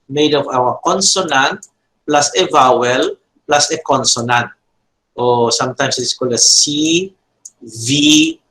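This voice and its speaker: A man gives a Biblical Hebrew grammar lecture at an unhurried, deliberate pace. He talks haltingly, pausing on fillers and correcting himself mid-sentence. His pitch sits in an ordinary middle range, and he repeats key terms and examples so students can follow. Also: fairly bright tone, low-quality recording. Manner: slow and halting, frequent uh fillers and self-corrections.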